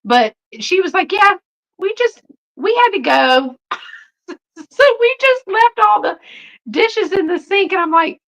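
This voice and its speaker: A woman's voice: very high-pitched, animated, unhurried, pauses often, a bit bright, rough recording. A middle-aged woman, chatting and laughing with viewers on her livestream. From Texas. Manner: chatty and giggly, frequent laughter. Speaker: thrift haul livestream host. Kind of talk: casual live chat with viewers.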